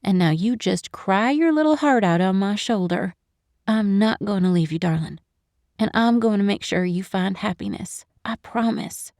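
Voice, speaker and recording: A woman's voice: medium pitch, animated, normal speed, a little mellow, no echo, lightly acted. Audiobook: doting older matchmaker, voiced by a woman, coaxing and affectionate; dry close sound. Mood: consoling. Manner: coaxing, affectionate, calls everyone darling. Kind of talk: audiobook narration.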